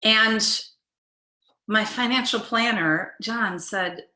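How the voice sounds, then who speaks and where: A woman's voice: medium pitch, a little slow, pushed and bright, echoey room. A middle-aged woman, a life coach giving a motivational webinar talk, earnest and direct, putting questions to her audience.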